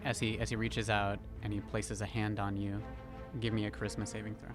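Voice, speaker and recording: A man with a lowish voice narrates a tabletop game as its game master. His descriptions are calm and steady. Soft background music plays beneath him. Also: a little fast.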